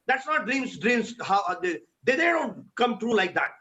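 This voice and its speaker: Earnest high-voiced man. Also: very animated, moderate pace, bright, forceful tone, muffled recording. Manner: earnest, urging, repeats words while searching. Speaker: panel speaker. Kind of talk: motivational talk.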